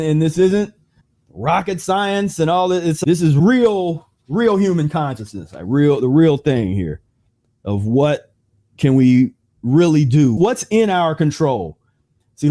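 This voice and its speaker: A man with a fairly high voice talks through a casual livestream monologue. He sounds preachy and restless, firing off rhetorical questions and often restarting his sentences. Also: mellow. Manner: casual and conversational with frequent restarts. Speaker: host. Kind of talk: livestream health talk monologue.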